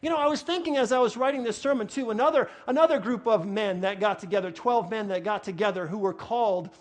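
A man's voice: sits high, fast. A man preaching a sermon with a New York accent, getting worked up and repeating phrases for emphasis. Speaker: pastor.

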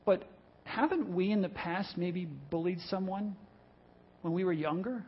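A male pastor preaching a sermon in a church service, telling a story in an animated way and acting out the voices in it. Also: high-pitched, a little slow, breathy edge, dull audio.

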